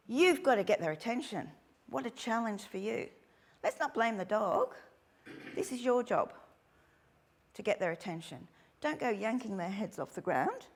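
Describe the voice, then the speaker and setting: A woman's voice: a little high, moderate pace. A middle-aged woman giving a chatty workshop talk to dog training instructors. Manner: chatty, animated, acts out little quotes.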